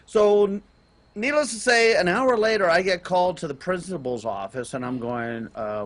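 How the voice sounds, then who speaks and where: A middle-aged man, telling a long personal story on a casual gaming podcast, rambling with restarts and getting loud on key points. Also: sits high, brisk. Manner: animated, rambling with restarts, rises loud on emphasis. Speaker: podcast co-host and parent.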